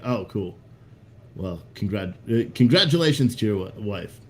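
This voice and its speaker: A man's voice: lowish voice, expressive, normal speed, a little hiss or hum. A man hosting a casual livestream, rambling bluntly with profanity and restarts while reading out chat comments. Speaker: livestream host.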